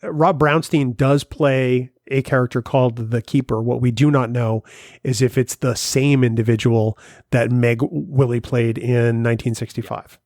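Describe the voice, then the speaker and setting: A man's voice: medium pitch, steady tone, a little mellow, no room sound. Upbeat male podcast co-host, dry sound. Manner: upbeat, plugs sponsors in a quick promo patter. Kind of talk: casual podcast chat.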